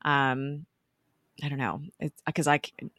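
A woman's voice: very deep voice, steady tone, fairly bright tone, no echo, clean studio sound. A woman co-hosting a podcast, chatting casually and recapping a TV episode with many fillers and restarts. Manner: chatty, halting, lots of fillers. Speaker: podcast co-host.

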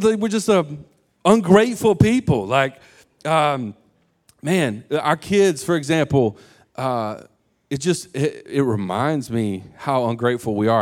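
Casual joking male pastor preaching. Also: medium pitch. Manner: casual and conversational, animated quotes and jokes. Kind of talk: sermon.

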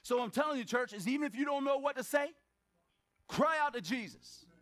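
Man, very high-pitched voice, pastor, lively sermon, call-and-response questions, joking asides, sudden shouts. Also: a little fast. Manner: bursts into shouts for emphasis. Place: church service.

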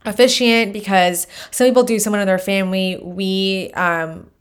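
A young woman co-hosting a podcast, chatting casually in a halting way with many pauses and "um"s. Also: mid-range voice, steady tone, clear, resonant tone. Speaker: podcast co-host. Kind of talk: casual chat.

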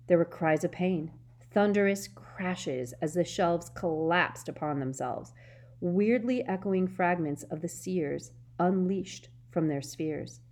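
Woman audiobook narrator, lowish voice, steady and expressive. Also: slow pace.

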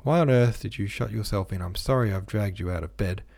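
A man's voice: on the low side, brisk, gravelly, a little mellow. Man voicing a pleading, spiteful young woman. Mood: coaxing. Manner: wheedling, then spiteful.

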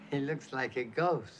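A man's voice: mid-range voice, natural voice. An actor playing a scornful 1940s gangster henchman with a sneering manner. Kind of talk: TV drama acting. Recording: faint background ambience from a TV episode.

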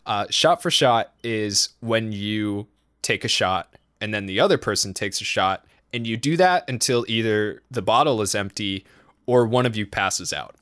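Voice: mid-range voice, moderate pace, a bit bright, no room sound, studio quality. A young adult telling a wild party story in casual chat, swearing often, laughing, and saying "dude" and "like" a lot. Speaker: podcast storyteller.

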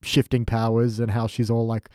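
A man's voice: medium pitch, completely flat delivery, normal speed, mellow, no room sound, clean studio sound. A man co-hosting a casual podcast chat, joking and quoting scenes in put-on voices. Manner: jokey, quotes scenes in put-on voices, laughs often. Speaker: podcast co-host. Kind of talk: casual chat recapping a TV episode.

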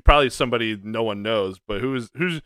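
A man's voice: medium pitch, fairly quick, a bit bright, clear, resonant tone, no room sound, clean studio sound. A man co-hosting a podcast, chatting casually, asking questions and laughing easily. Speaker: podcast co-host. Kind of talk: casual chat.

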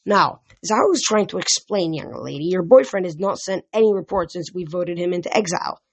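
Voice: medium pitch, a little fast, husky. A reader voicing a blustering old satyr. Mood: pompous. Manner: pompous, huffy and flustered. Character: fussy, blustering, very old fat male satyr. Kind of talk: audiobook reading.

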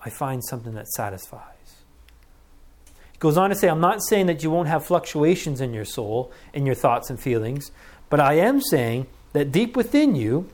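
A middle-aged man preaching a sermon as pastor, earnest and conversational, acting out deep breaths. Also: a little mellow.

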